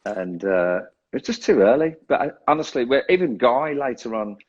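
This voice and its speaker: A man's voice: mid-range voice, lively intonation, normal speed, husky, lo-fi sound. A drummer being interviewed, a man talking in a casual, self-deprecating way who laughs often and restarts his sentences. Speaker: guest drummer.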